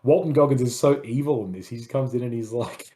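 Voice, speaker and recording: A man's voice: mid-range voice, fast talker, mellow. A man co-hosting a casual film review chat, talking enthusiastically and rambling. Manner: enthusiastic, rambling, says "like" a lot. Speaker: podcast co-host, film reviewer.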